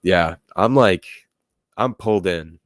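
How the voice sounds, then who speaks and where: A young man with a low, deep voice hosts a casual livestream, reading viewer comments and chatting loosely with plenty of "like" and "uh". The recording is dry and close, with little room sound. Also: slow pace, no room sound. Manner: rambling, filler-heavy, laughs at chat comments. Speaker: livestream host reading chat. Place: home room with music playing nearby.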